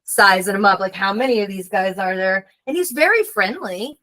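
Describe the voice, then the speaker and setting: A woman's voice: medium pitch, normal speed, rough recording. A woman, a guest author, telling a story in casual conversation and acting out the voices she quotes. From United States. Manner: animated storyteller, acts out quoted voices, frequent "like".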